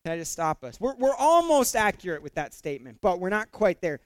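A man's voice: high-pitched, very animated, a little fast, no room sound. Man preaching a conversational sermon, dry. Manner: conversational preaching with fillers and repetitions, building to emphatic peaks. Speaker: pastor.

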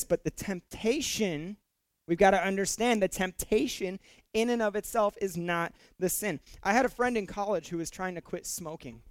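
A man's voice: sits high, unhurried, no room sound. A male pastor preaching a casual, joking sermon who often stumbles into repeated words. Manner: conversational and jokey, repeats words when excited.

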